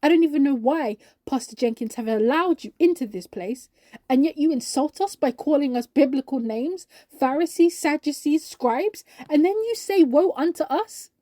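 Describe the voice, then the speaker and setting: A woman's voice: sits high, expressive, moderate pace, dry recording, clean studio sound, pitched above the performer's own voice. Joel: a woman doing an indignant church elder. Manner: indignant, rising to shouting. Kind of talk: storybook character voice.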